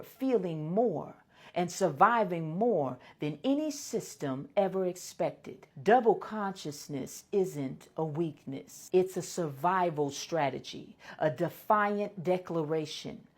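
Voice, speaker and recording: A woman reading a scripted narration in a measured, solemn, rhetorical way. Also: on the low side, a little mellow.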